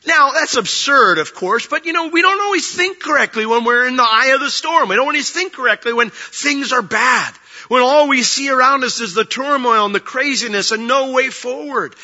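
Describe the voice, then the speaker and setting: A man preaching a sermon with emotion, moving between raised passionate delivery and quiet reflective speech. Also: very high-pitched, expressive, moderate pace, dull audio. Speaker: pastor.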